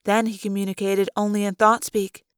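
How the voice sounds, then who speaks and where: A woman narrating a novel in the first person, calm and steady, in a fan audiobook. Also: mid-range voice, normal speed, smooth, no echo, studio quality. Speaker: audiobook reader.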